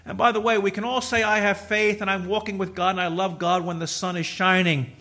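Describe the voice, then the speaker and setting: Middle-aged preacher guy, high bright voice, gets loud then drops real quiet. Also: little pitch movement, brisk. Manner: emphatic, swings from loud exhortation to quiet, repetitive restarts. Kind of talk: sermon.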